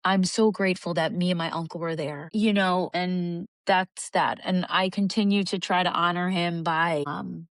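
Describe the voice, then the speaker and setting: A woman's voice: lowish voice, steady tone, normal speed, few pauses, no echo. A young adult woman co-hosting a podcast, talking in an earnest, reflective way in casual chat. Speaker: podcast co-host.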